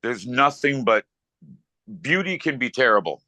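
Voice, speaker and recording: A man's voice: mid-range voice, sing-song, a little slow, bright, forceful tone, no room sound, poor audio. A middle-aged man, a rock musician as interview guest, speaking earnestly and reflectively in long thoughtful sentences. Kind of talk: interview conversation.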